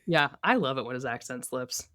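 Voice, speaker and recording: Low-voiced woman recapping a show. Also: fairly quick, no echo, studio quality. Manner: animated, laughs often, acts out characters' lines. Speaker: podcast co-host. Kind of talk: casual recap chat.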